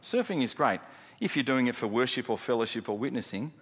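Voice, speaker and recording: Middle-aged male pastor, mid-pitched, emphatic sermon delivery, long church reverb. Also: expressive, a little fast, breathy edge. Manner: emphatic, rhetorical questions, swings from loud to hushed.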